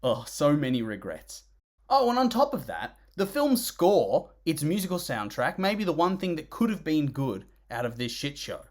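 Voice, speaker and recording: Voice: mid-range voice, sing-song, normal speed, a little mellow. A film reviewer narrating a comedic review in a sarcastic, exasperated way, groaning and sighing in disgust.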